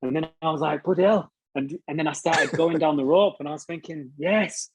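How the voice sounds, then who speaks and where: A man's voice: on the high side, level tone, quick pace, slight background noise, poor audio. A British man telling stories as an interview guest, casually, swearing freely and laughing at himself. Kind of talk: casual storytelling.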